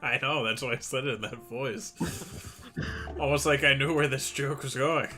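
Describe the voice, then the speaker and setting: A man's voice: mid-range voice, a little slow, music in the background. A man co-hosting a podcast in casual chat, provocative and joking. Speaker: podcast co-host.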